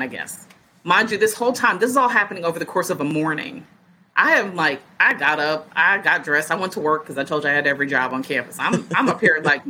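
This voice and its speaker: Woman, 40s, podcast guest; low voice, bright edge, animated storyteller. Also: slight background noise, low-quality recording. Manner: lively storyteller who acts out other people's words. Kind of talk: casual storytelling.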